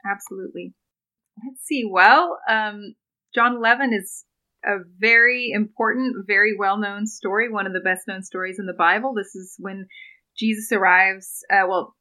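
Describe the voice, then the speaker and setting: A young woman, a doctoral student in biblical studies, speaks earnestly as a guest on a podcast, retelling a scripture story with frequent ums and small laughs. Her mid-range voice is steady and sharp at a normal speed, and the recording is rough.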